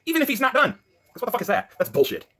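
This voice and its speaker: A worked-up man ranting in a profane vlog, swinging between loud outbursts and low muttering. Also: wildly swooping pitch, fast. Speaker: vlogger.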